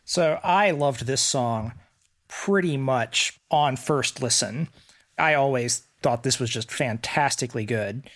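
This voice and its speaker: A man's voice: medium pitch, slow, fairly bright tone. A man co-hosting a music podcast, talking casually and enthusiastically, with lots of "like" fillers. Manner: enthusiastic, rambling with many "like" fillers. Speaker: podcast co-host. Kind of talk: casual music review chat.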